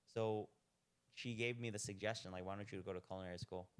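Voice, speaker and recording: A man's voice: on the low side, steady tone, brisk, smooth. A young man telling his story as a podcast guest in a laid-back, rambling way, full of "like". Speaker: podcast guest, restaurant owner. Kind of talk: casual chat.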